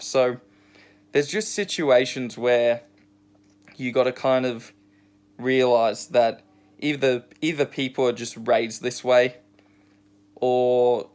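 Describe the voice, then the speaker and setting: Rambling surf vlogger. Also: male voice, mid-range voice. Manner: rambling, many fillers. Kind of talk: casual storytelling rant.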